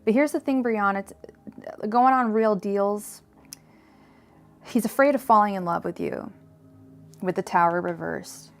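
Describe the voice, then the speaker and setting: A woman's voice: mid-range voice, measured pace, long pauses, faint music behind. A woman reading tarot cards on a live stream, chatty and digressive, full of fillers and restarts. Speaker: tarot reader.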